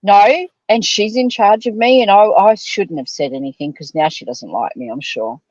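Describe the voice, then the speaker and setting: An Australian woman in her fifties, co-hosting a casual chat and telling rambling, animated stories. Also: medium pitch, normal speed, no room sound, dull audio. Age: 50s. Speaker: podcast co-host.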